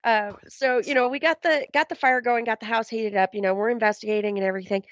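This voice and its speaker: A woman's voice: fairly high pitch, steady tone, fast, no room sound. A woman guest telling a paranormal story in casual chat, rambling and full of "um" and "you know". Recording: dull, dry lo-fi sound.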